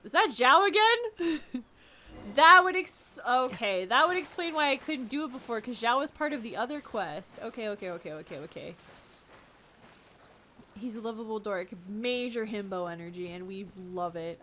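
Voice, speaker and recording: A young woman streamer giving casual, animated gaming commentary, ranting and giggling. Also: a little high, moderate pace, slight background noise.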